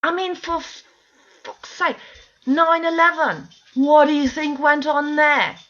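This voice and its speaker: A woman's voice: sits high, steady tone, measured pace, fairly bright tone. A middle-aged woman ranting straight to camera, pleading and exasperated, swearing often. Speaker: vlogger. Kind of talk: emotional direct-to-camera rant. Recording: dull lo-fi home video sound.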